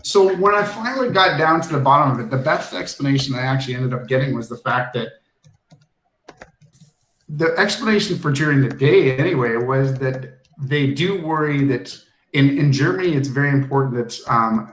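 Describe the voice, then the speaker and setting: Male teacher, mid-pitch, chatty anecdotal lesson delivery, roomy echo. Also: a bit bright. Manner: chatty storytelling with frequent ums. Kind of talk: classroom lesson with personal anecdote.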